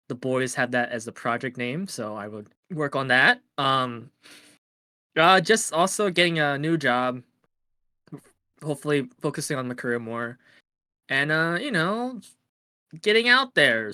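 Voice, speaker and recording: A man's voice: medium pitch, sharp tone, dry recording. A young man on a casual podcast, joking crudely and talking with lots of hesitant fillers. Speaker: podcast co-host. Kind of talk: casual chat among friends.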